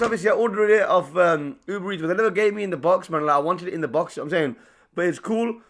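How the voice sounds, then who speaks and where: A man's voice: sits high, very fast, a bit bright, a little hiss or hum. A young man, chatting casually to camera while eating in a mukbang vlog. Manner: chatty, eats between lines. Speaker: vlogger.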